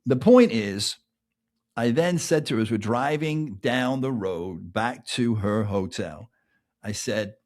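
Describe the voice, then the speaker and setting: A middle-aged man with an English accent hosting a podcast, telling a long personal anecdote in a lively way and often asking "right?". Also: medium pitch, slow pace. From England. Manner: animated anecdote telling, keeps adding "right?", laughs between lines. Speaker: podcast host. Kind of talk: casual storytelling monologue.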